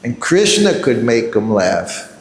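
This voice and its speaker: An older man in his seventies recounts a memory during a religious class, speaking at a middle pitch and chuckling often as he tells it. His voice rings out in a roomy hall with a long reverb tail. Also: sing-song, slow. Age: 70s. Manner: chuckles often while telling a story. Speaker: devotee giving a scripture class. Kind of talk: anecdotal storytelling in a religious class.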